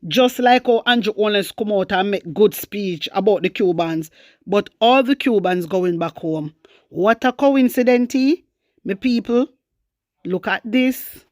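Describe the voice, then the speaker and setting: A woman with a Jamaican accent giving scornful, animated political commentary, mixing patois with English. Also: mid-range voice, a little slow, dry recording, studio quality. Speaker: commentary vlogger.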